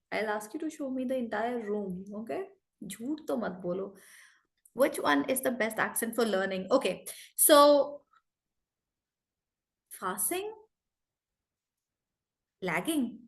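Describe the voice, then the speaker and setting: A woman with an Indian English accent runs an online English class over a video call, with a voice sitting a little high. She explains points briskly and firmly tells students to stop laughing and disturbing her. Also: expressive, creaky. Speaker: English teacher.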